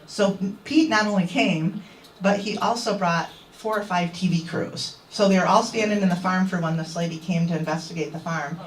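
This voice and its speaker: A woman's voice: on the low side, normal speed, a little hiss or hum. Indignant woman speaking from far off. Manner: indignant, quoting others in animated voices. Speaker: activist speaker. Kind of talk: telling a story to a crowd. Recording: echoey, distant mic.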